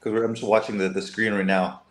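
Low voiced guy, relaxed chat, lots of ums. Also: fast. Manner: relaxed, hesitant, many fillers. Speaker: show participant. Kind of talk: casual livestream chat.

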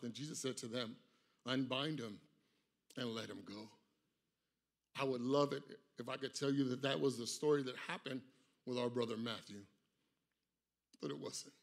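A man preaching a funeral sermon in a church, swinging from loud, dramatic retellings to soft, low words for the grieving family. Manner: impassioned, rising loud for quoted voices, dropping soft and low for the grieving. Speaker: pastor.

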